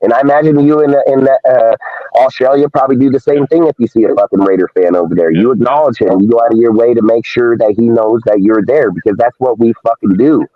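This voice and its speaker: A man's voice: medium pitch, fairly even intonation, fast, dry recording. A man hosting a live show, ranting in a heated, profane, confrontational way. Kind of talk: live-stream rant. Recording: dull lo-fi dry stream audio.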